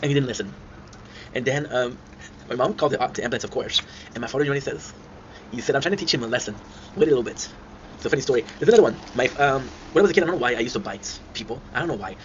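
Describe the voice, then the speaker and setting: A man tells rambling childhood stories at a quick clip, laughing often. The recording is dull and lo-fi, with steady noise behind him. His voice sits in an ordinary middle pitch. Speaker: channel host. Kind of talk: casual storytelling. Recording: dull lo-fi sound with clear noise.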